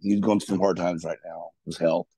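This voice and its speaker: A man's voice: sits low, steady tone, a little fast, warm tone, husky, no room sound. A man telling rambling stories about his wrestling days in a casual interview. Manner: rambling, loose storytelling with restarts. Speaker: guest, former pro wrestler.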